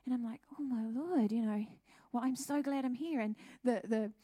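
A middle-aged woman, a pastor's wife, telling her testimony at a church service in a chatty, animated way. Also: fairly high pitch, normal speed, breathy edge, no echo, clean studio sound. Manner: chatty, animated storytelling with laughs.

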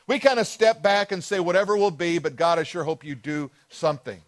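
A man preaching a sermon as pastor, earnest and expressive, slowing down for emphatic pauses. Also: high voice.

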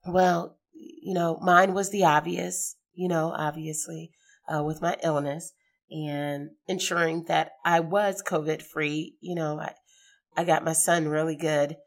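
Hoarse woman chatting on a podcast. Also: low-pitched, steady tone, measured pace. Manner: chatty and rambling, laughs easily. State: hoarse from a sinus infection. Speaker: podcast host. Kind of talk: casual podcast monologue.

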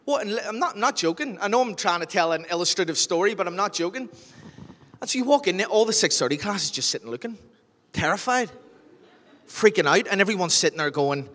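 A man's voice: high voice, fairly quick. A man with a Northern Irish accent preaching a sermon as pastor, telling jokey stories and acting out scenes. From Northern Ireland. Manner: animated storyteller, jokey, acts out scenes. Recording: long hall reverb.

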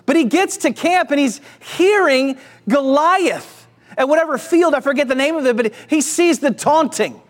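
A male pastor preaching a sermon, energetic and exclamatory, calling out to the congregation. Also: extremely high pitch, moderate pace. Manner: energetic, exclamatory, call-and-response.

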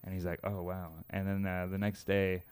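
Man, 30s, podcast host, smooth resonant voice, rambling storyteller. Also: sits low, monotone, normal speed, darkish tone. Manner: rambling joke-telling. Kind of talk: casual chat.

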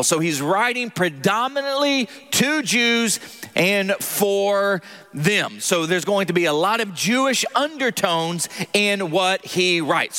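A Southern US pastor preaching with a high, lively voice that swings up and down as he calls for the congregation's replies. He keeps a bright, forward tone and drops in jokes about himself. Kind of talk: sermon.

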